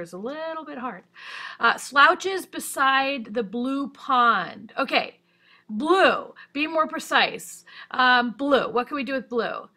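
A woman's voice: fairly high pitch, pushed and bright. A woman teacher giving a chatty, upbeat writing lesson over a screen recording, thinking aloud as she goes.

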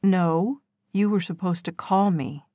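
A caring young man with a soft, slightly lowered voice that firms up when he worries, as a woman reads him, taken close and dry in a quiet booth. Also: a little slow, no room sound, natural voice. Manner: soft, gentle, firm when pressed.

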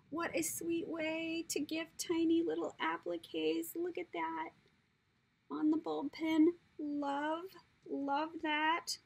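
On a low-quality recording, a crafter opens happy mail and gushes over the craft supplies she got, gasping breathily and often dropping into a whisper. Her voice sits high with a darkish tone, and the unboxing chat is casual.

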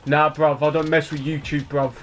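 A man's voice: a little high, little pitch movement, normal speed, fairly bright tone, a little hiss or hum, lightly acted. A man playing a cocky young wannabe tough guy with a Southern English accent, boasting and trash-talking in game voice chat. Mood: swaggering. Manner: boastful, swaggering, drops bruv and innit constantly.

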